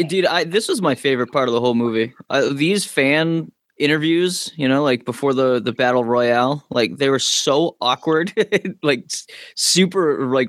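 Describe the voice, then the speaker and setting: A male podcast co-host, excitable and quick to laugh, filling his talk with casual slang. The close mic leaves his mid-pitched voice dry. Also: no room sound. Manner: excitable, laughs often, says like and dude.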